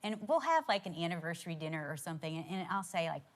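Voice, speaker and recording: A middle-aged woman on a church stage with a slightly low voice. She tells stories in a chatty, teasing way. It sounds like she is sharing a session with her husband. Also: sing-song, fast talker. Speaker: co-speaker at a marriage session. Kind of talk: sermon storytelling.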